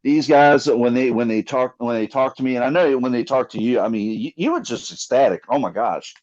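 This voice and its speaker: A man co-hosting a casual podcast, animated and joking, with lots of fillers. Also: mid-range voice, a little fast. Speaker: podcast co-host. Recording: slightly dull lo-fi mic.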